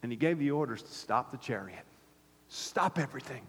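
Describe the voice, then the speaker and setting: A pastor preaching a sermon to his church, swinging from fervent high calls to low, quiet points. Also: lively intonation, a little fast, breathy edge. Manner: impassioned, rising to near-shouts then dropping low. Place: church sanctuary. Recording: long hall reverb.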